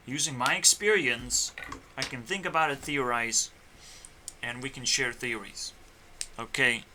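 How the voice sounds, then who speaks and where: Very bright-voiced ranting man. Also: mid-range voice. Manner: profane, meandering, swings between loud outbursts and muttering. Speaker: YouTuber. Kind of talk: rambling solo rant. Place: home computer setup.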